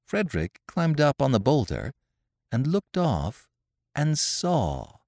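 A man narrating a classic tale in a theatrical, scripted way, dropping low on the speech tags. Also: wildly swooping pitch, slow, gravelly, darkish tone, dry recording, studio quality. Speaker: podcast narrator.

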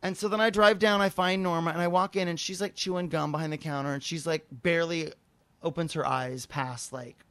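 A man's voice: fairly high pitch, brisk, no echo. A man hosting a casual talk show, telling a long story with lots of swearing and acted-out dialogue. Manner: profane, animated storyteller acting out dialogue. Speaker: podcast host telling a story. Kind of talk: casual chat.

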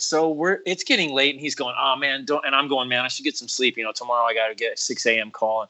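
A man in casual conversation, telling a long story. His voice sits mid-pitch with a bright, forward tone. He keeps it animated, full of "like" and "bro", and acts out what others said. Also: fast talker, hardly any pauses, poor audio.

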